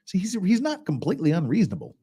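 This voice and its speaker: A man with a fairly high, very animated voice talks through a blog post as a lawyer reacting to it. His delivery is conversational, and his pitch jumps around a lot as he adds exasperated asides. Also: fast, slightly rough. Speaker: lawyer commentator. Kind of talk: reaction commentary reading a blog aloud.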